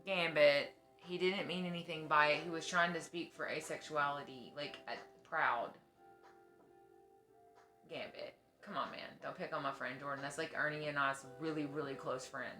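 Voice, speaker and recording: A woman's voice: sits low, steady tone, normal speed, bright, forceful tone, faint music behind. A woman streamer chatting casually at home, swearing freely and oversharing. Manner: profane, oversharing. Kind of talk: casual chat.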